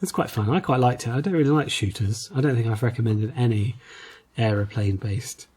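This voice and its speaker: A man's voice: mid-range voice, brisk, darkish tone, slightly rough. A man co-hosting a podcast, chatting casually about retro games in a rambling, hesitant way with lots of fillers. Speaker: podcast co-host.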